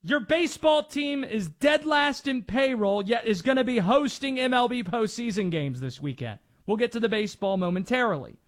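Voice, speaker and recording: High, lively sports radio host man. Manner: animated, quick, jokey and self-deprecating. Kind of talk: energetic sports radio talk.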